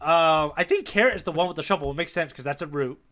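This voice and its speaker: A man co-hosting a podcast, easygoing and agreeable in casual chat, quick to laugh. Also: on the high side, bright, forceful tone. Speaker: podcast co-host.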